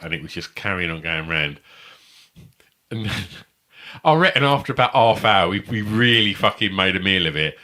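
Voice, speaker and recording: Deep-voiced man telling rambling stories. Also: bright, forceful tone. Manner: rambling, sweary storytelling with frequent laughs. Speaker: podcast co-host. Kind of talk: casual chat.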